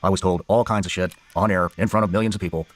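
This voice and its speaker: Middle-aged male host, very fast and blunt, heavy profanity, low gravelly register. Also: steady tone, faint music behind. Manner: blunt, heavy swearing, heated. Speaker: podcast host. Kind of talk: casual interview talk.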